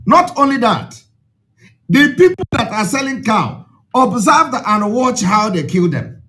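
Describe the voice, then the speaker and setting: A man with a Nigerian accent, an Igbo speaker, gives an impassioned, unhurried address to his followers in a high, fairly bright voice with big pitch swings. Emphatic and preachy throughout, he hammers points home by repeating them.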